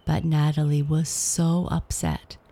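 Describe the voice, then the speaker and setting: A woman narrating a children's storybook in a slow, soft-spoken manner that sinks to whispers. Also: low-pitched, flat delivery.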